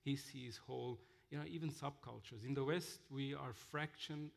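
A man telling mission stories in a sermon, halting with fillers and restarts. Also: mid-range voice, vocal fry. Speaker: missionary speaker. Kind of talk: sermon-style storytelling.

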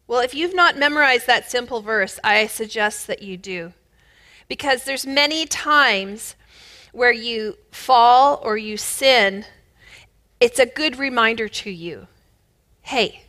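A woman preaching a sermon with emphatic, rising bursts of loudness, she is middle-aged. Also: on the high side, lively intonation, slow pace. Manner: emphatic, builds to loud bursts.

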